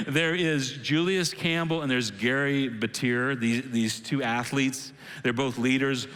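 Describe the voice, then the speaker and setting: A man preaching a sermon as lead pastor, animated and acting out quoted voices. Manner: animated, acts out quoted voices with sudden pitch jumps. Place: church auditorium. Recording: long hall reverb.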